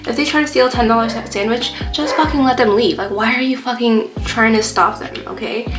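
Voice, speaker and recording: Doing her makeup on camera, a young adult woman vlogger chats through a casual storytime in a brisk voice on the high side. Her talk is packed with fillers and free swearing, captured in a roomy space with faint music behind.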